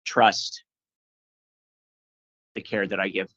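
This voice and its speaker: A man questioning a witness at a hearing, asking halting, hesitant questions. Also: sits low, flat delivery, a bit bright, no room sound, poor audio. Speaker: medical practitioner questioning a witness.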